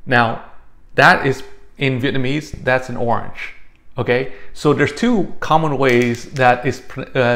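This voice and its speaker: Guy teaching some phrases, kinda gravelly voice, lots of "all right?" and "okay?". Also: medium pitch, a bit bright. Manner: explains patiently, many fillers and check-ins like "all right?". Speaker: language teacher. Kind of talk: casual spoken lesson.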